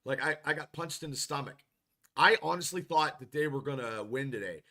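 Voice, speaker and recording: A man's voice: medium pitch, animated, a little fast, pushed and bright. A man hosting a casual football podcast, rambling and frustrated, with many restarts as he reads chat comments. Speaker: podcast host.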